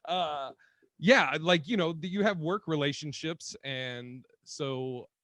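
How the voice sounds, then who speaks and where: A man's voice: on the high side, slow, a bit bright, no echo. A man co-hosting a podcast in casual comedic chat, joking, swearing freely and laughing often. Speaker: podcast co-host.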